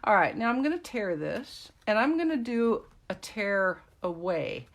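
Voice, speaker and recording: A woman's voice: medium pitch, very animated, measured pace. Chatty woman demonstrating a craft. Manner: chatty, rambling asides to live viewers. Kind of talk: casual craft tutorial.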